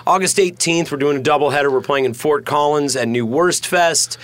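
A man's voice: a little high, fairly quick, dry recording. A man co-hosting a podcast in casual chat from a studio, rambling through jokey stories and laughing often. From United States. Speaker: podcast co-host.

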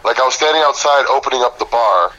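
A man's voice: mid-range voice, expressive, fast talker, bright, forceful tone, highs cut off. A man guesting on a casual podcast, telling a laid-back, profane anecdote.

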